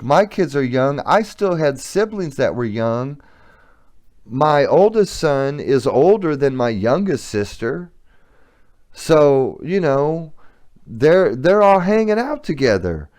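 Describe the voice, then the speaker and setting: A man's voice: mid-range voice, darkish tone. A middle-aged man hosting a podcast, telling a candid personal story in a blunt, profane, confessional way. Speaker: podcast host.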